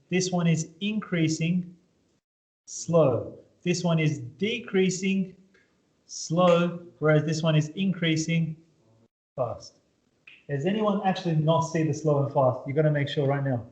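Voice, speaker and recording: A man's voice: a little high, takes it slowly, darkish tone. A man teaching a maths class in a casual way, often checking in with his students. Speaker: maths tutor. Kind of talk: classroom lesson. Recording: echoey room, dull lo-fi sound.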